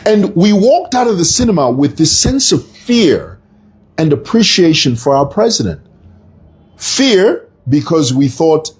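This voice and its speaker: Middle-aged Zambian man, emphatic commentary, very husky, slow and animated. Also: on the high side. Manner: emphatic, storytelling, rhetorical. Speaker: online commentator. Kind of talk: opinion monologue.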